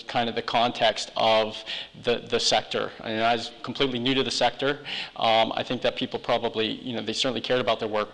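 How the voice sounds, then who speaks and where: Guy on stage chat show, lots of ums, bright voice in a big reverby hall. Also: mid-range voice, vocal fry. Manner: hesitant, many ums and restarts. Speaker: charity founder, guest. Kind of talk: live chat show interview. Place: live event hall.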